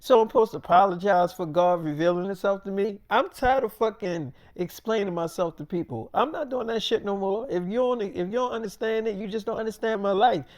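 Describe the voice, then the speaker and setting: A man's voice: high voice, fairly quick, hardly any pauses, darkish tone. A man telling a rambling freestyle story to camera, swearing a lot and repeating himself.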